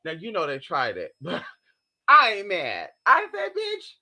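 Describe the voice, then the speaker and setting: Chatting from home in a casual haul vlog, this woman swears freely, keeps calling viewers "girl" and "y'all," and lets out high squeals as she shows off her purchases. Her pitch swings hugely, her pace is unhurried, her tone is sharp, and the audio is poor.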